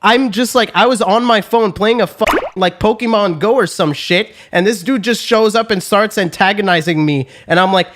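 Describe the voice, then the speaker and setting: A man telling a story on a podcast in a casual, animated, profane way with lots of fillers. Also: high-pitched, normal speed, few pauses.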